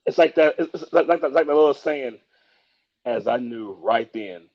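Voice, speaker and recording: A man's voice: medium pitch, lively intonation, normal speed. A man co-hosting a casual chat, chiming in with brief, joking remarks. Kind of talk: casual conversation. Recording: dull lo-fi sound.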